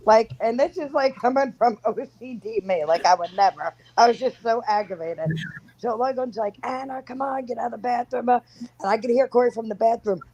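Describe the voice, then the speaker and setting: A woman's voice: on the high side, mellow, low-quality recording. A woman on a casual podcast, telling an exasperated, profane family story as the mother.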